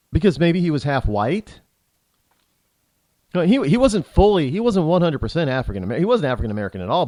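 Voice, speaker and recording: Man, talk radio host, rambling indignant monologue, animated pitch, dry studio mic. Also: dry recording. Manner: rambling, restarts often, indignant rhetorical questions.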